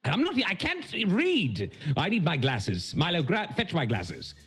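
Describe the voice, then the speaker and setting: A man's voice: a little high, huge pitch swings, a little slow, a bit bright, breathy edge, full character voice. A man playing a pompous, absent-minded old lord who hosts the intermission, talking grandly and rambling. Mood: grandiose. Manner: grandiose, rambling, theatrical swoops. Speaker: intermission host. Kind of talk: in-character stream host segment.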